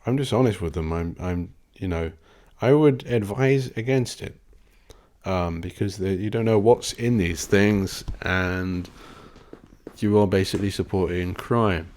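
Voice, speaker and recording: A man's voice: deep voice, a little slow, darkish tone. A man, rambling and swearing in a casual solo podcast, often breaking off mid-word and laughing. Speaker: podcast host.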